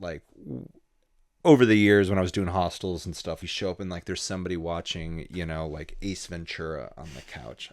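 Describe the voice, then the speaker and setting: Low-voiced chill guy telling road stories, swears a lot, acts out what people said. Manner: laid-back, swearing, acts out dialogue. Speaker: guest photographer. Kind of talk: casual storytelling interview.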